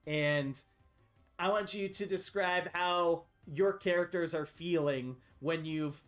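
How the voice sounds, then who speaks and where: A man narrates a tabletop game in a loose, chatty way, with lots of fillers and frequent laughs. His voice is slightly high for a man, and faint music plays behind him. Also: slow. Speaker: game master.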